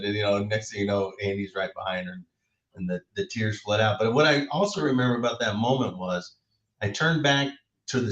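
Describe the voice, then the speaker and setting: Low-voiced guest in a roomy echo. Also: male voice, dull audio. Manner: reflective storytelling with laughs. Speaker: guest, former baseball player. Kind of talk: casual radio interview.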